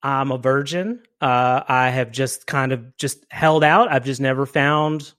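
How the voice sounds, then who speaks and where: A man with a Southern American accent, a guest in an improvised comedy interview, talking in a gracious, stammering, animated way. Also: mid-range voice, measured pace.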